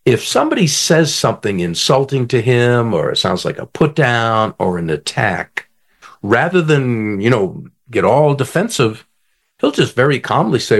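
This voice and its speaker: A man speaking as a conflict coach and author in an interview, animated, often asking the host to finish his sentences. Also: medium pitch, moderate pace. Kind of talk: guest in an interview, coaching talk.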